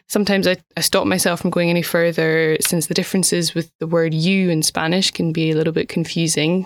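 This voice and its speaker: A woman co-hosting a language podcast as the learner, asking questions and slowly repeating phrases after her teacher. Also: fairly low pitch, no echo, studio quality. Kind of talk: scripted language lesson chat.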